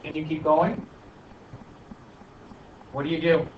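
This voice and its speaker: A man's voice: a little high, level tone, slow pace. A male math teacher questioning and coaxing his students through a problem in class. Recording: echoey classroom from far off, dull, light noise.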